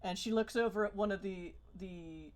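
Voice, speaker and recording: A woman's voice: medium pitch, moderate pace. A woman narrating as game master of a tabletop role-playing game, rambling with many fillers and restarts.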